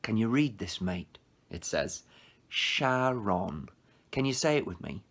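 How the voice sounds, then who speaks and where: A man voicing a smooth, greedy male ferryman of the dead in a put-on British accent, speaking slowly and mockingly. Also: lowish voice, very animated, full character voice.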